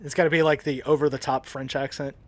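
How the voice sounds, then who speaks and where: A man's voice: mid-range voice, level tone, fast. Laid-back joking male podcast host. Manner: laid-back, jokey, laughs often. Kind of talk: casual chat.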